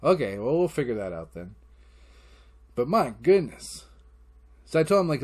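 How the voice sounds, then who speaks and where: A middle-aged man rambles through stories on his solo podcast, close to the mic. His voice sits at an ordinary middle pitch. He acts out quotes with jumps in tone and swears without a second thought. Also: sing-song, moderate pace, pauses often, darkish tone, husky. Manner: rambling storytelling, acting out quotes, frequent swearing. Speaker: podcast host. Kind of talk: casual solo podcast monologue.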